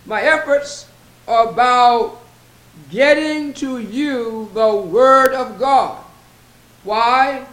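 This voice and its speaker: A man preaching a sermon as pastor, slow and emphatic, repeating scripture references. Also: very high-pitched. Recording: echoey room.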